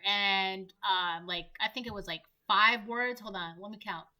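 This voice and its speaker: A woman with a fairly high, bright, forceful voice talks through a tarot reading for her viewers. She rambles from one point to the next and peppers her talk with "right?" and "um". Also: slow pace. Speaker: tarot reader. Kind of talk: casual spoken tarot reading.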